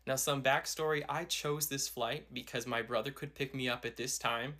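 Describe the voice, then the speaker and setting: A man walking through a personal storytime step by step. His delivery is measured and detailed, and he sets the scene before he gets to the point. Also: mid-range voice, little pitch movement, bright, forceful tone. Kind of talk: storytime video.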